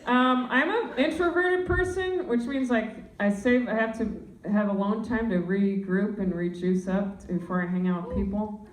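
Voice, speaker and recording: A young woman doing stand-up comedy, talking in a low, deadpan voice with deep tones. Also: moderate pace, echoey room, recorded from a distance, rough recording. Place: comedy club stage.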